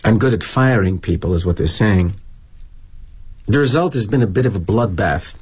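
A man's voice: on the low side, lively intonation, moderate pace, darkish tone, breathy edge. A middle-aged man performing a theatrical monologue as a corporate executive, wry and sardonic in a confiding tone.

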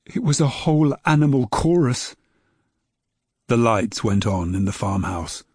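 Husky male storybook narrator. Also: medium pitch, lively intonation, dry recording. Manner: gentle, measured reading aloud. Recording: dry close recording.

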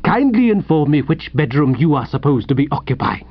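Guy doing a cranky pompous older gentleman, clipped and precise, lively swings in the voice. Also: a little high, brisk, dull audio. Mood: furious. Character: pompous stern older man, irritable.

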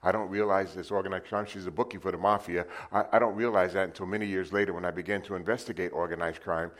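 Low-pitched and steady, this older New York City preacher from New City talks fast. His testimony sermon unfolds as a conversational telling of his own story, with the congregation pulled into call-and-response.

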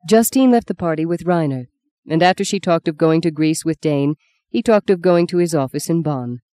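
A woman narrating a novel in a measured, even storytelling manner. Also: deep voice, dry recording, studio quality. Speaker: audiobook narrator. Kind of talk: scripted narration.

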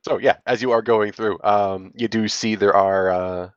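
A man's voice: lowish voice, fairly even intonation, moderate pace, clean tone, dry recording, highs cut off. A man narrating as game master of a tabletop game, rambling and hesitant with many fillers.

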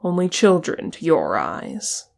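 A reader voicing a grave, steady male ranger leader, speaking calmly and with measure in an audiobook. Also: mid-range voice, vocal fry, full character voice. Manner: calm, measured. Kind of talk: audiobook character reading.

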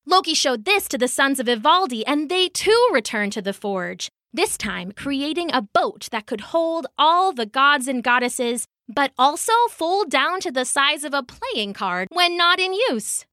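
A woman tells an old myth as a storybook reading, taking her time over every phrase. Her voice is bright and swoops through a wide range. The sound is close and dry. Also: high voice, lively intonation, unhurried, hardly any pauses, no room sound. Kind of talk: scripted narration.

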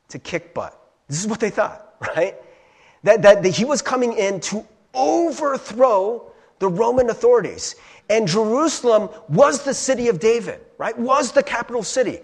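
A man preaching a sermon as a pastor, animated, acting out crowd voices and asking rhetorical questions. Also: high voice, moderate pace, breathy edge.

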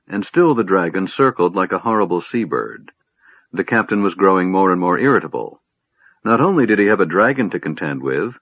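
A man narrating a fantasy story in a measured, dramatic reading, in a dull lo-fi recording. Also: deep voice, slightly rough, dry recording. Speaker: audiobook narrator.

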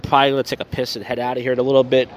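A man's voice: medium pitch, completely flat delivery, racing. A man hosting a casual solo podcast, rambling loosely with profane, wry asides, recorded outdoors in a city on a phone. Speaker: podcast host.

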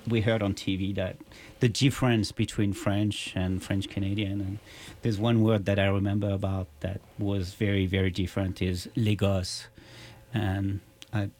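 A low-pitched man with a gravelly, fry-laden voice hosts a casual talk show. He speaks haltingly and keeps restarting his sentences. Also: a little mellow. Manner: hesitant, stammering restarts. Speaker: radio show host.

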